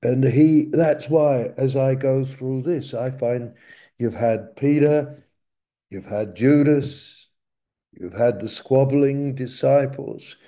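A man preaching a sermon in a slow, reflective way, often sinking to a quiet murmur. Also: mid-range voice.

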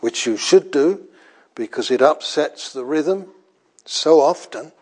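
An older man preaching a sermon in a slow, deliberate way, pausing often and repeating phrases for weight. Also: a little high, lively intonation, a little mellow.

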